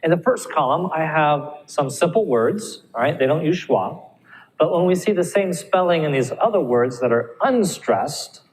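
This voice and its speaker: A man's voice: mid-range voice, long reverb tail, low-quality recording. A man teaching English pronunciation in a recorded lecture, patiently repeating words to model each sound.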